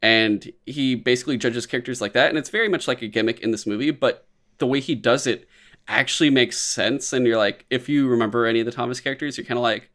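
A man chatting casually on a podcast, reviewing a movie with frequent swearing and animated asides. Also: medium pitch, fast talker. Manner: rambling, swears often, animated impressions.

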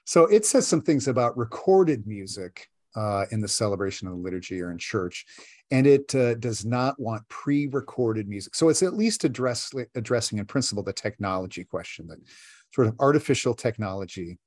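A man with a somewhat low voice co-hosts a casual podcast, thinking out loud and circling his points with fillers. The sound is close and dry, with no room around it. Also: expressive, normal speed, no echo. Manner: talkative, thinking aloud with many fillers. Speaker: podcast co-host.

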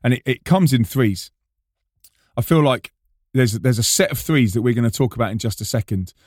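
Animated man telling a story. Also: mid-range voice, moderate pace, dry recording, clean studio sound. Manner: animated, self-mocking, often restarts and repeats words. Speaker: preacher and band frontman. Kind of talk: storytelling monologue.

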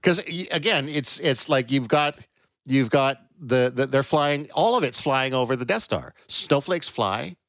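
A man's voice: animated, normal speed, fairly bright tone, dry recording, studio quality. A man co-hosting a podcast, chatting casually about a novel and reading passages aloud. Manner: reads aloud, raising his pitch for quoted lines. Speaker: podcast co-host. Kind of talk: casual book discussion with a dramatic reading.

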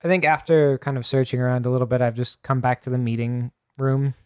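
Male player, smooth voice, dry close sound, easygoing. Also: mid-range voice, fairly even intonation, a little fast, no echo. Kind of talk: tabletop game chat.

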